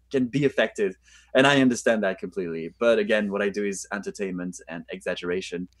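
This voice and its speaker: A man's voice: fairly low pitch, fairly even intonation, fast. A man with a French accent, a guest actor in an interview, thinking aloud and searching for words over a video call. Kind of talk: casual interview talk.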